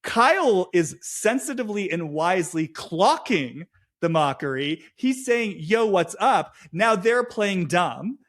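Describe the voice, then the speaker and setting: Animated man in a casual podcast chat. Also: sits high, a little slow. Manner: animated, acts out quoted lines in changed voices; swears freely, says "like" often. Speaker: podcast co-host.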